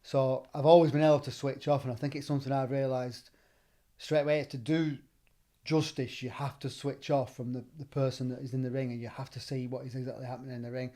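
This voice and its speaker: A middle-aged man with a Northern English accent, telling stories in a relaxed chat as a gym owner and trainer, acting out the lines he quotes. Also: medium pitch, a little fast. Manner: animated, acts out quoted dialogue. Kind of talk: casual storytelling.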